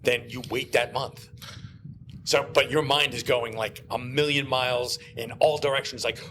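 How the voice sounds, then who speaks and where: A man guesting on a podcast, telling stories in animated casual chat and acting out the lines he quotes. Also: medium pitch, moderate pace, slight background noise. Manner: animated storyteller who acts out quoted lines. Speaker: guest, comic book writer.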